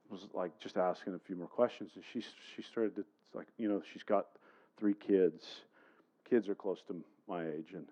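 Pastor guy preaching, low voice, kinda muffled lo-fi sound, chatty storytelling. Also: dark tone. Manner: storytelling, conversational, addresses the congregation. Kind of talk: sermon.

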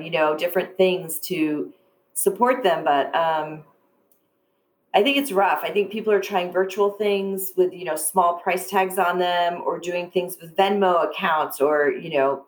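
A woman's voice: on the low side, poor audio. Chatty woman telling backstage stories. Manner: chatty, animated, many fillers. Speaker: arts presenter, guest. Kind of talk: casual interview storytelling.

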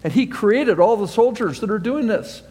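High-voiced man preaching in a reverberant hall. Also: animated, normal speed, a little mellow, breathy edge. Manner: earnest, reads scripture aloud and explains it verse by verse. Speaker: pastor. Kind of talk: sermon. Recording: long reverb of a large hall.

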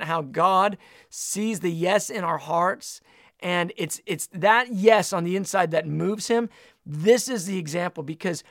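Male preacher, high gravelly voice, slow emphatic sermon delivery, scripture reading. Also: no echo, studio quality. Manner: reads scripture aloud, warm emphatic teaching. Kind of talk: sermon teaching.

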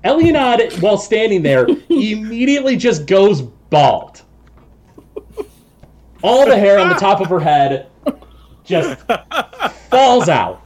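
A man's voice: sits high, big pitch swings, slow pace, pauses often, a little mellow, slight background noise. A man running a tabletop game as game master, describing the scene with frequent chuckles and filler words. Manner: chuckles often, many ums and restarts.

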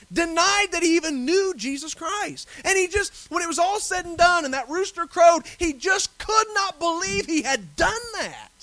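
Preacher guy, really high bright voice, earnest, gets loud and forceful. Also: dry recording. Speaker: pastor. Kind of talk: sermon.

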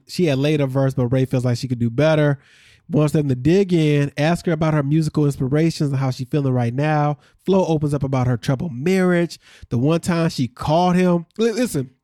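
A man's voice: fairly high pitch, mellow, no echo, clean studio sound. A man co-hosting a podcast, casually recapping episode events in a storytelling way and laughing often. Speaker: podcast co-host.

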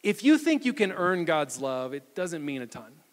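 A male pastor preaching a sermon in a church, reading scripture aloud and explaining it with animated delivery. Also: on the high side, normal speed, big-room sound. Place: church sanctuary.

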